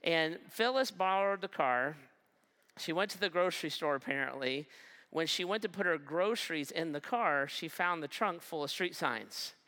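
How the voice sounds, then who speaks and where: A pastor preaching a sermon and telling a humorous personal story, acting out the dialogue and slowing down for emphasis. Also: medium pitch, lively intonation, bright, forceful tone.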